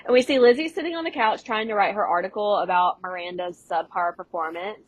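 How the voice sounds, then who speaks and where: A young adult woman co-hosting a podcast, recapping scenes in casual chat and dropping into quick voice impressions with laughs. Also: medium pitch, no echo, rough recording. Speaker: podcast co-host.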